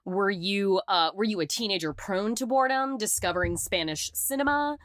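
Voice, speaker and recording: A woman's voice: mid-range voice, normal speed, fairly bright tone, no room sound. Podcast host, woman: inquisitive, playful interviewer, mid voice, dry booth sound. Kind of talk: interview questions.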